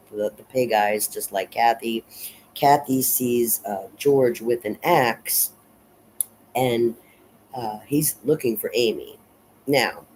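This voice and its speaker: A man's voice: mid-range voice, a little mellow, a little hiss or hum, rough recording. A man casually recapping and analyzing a horror movie. He rambles, fills gaps with lots of "uh" and "um", restarts phrases and swears now and then. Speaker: film reviewer.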